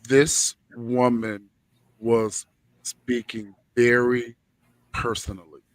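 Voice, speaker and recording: A man hosting a talk show, speaking slowly and personally in a soft, reflective way. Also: mid-range voice, flat delivery, no echo. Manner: slow and personal, soft-spoken with gentle laughs. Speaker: show host.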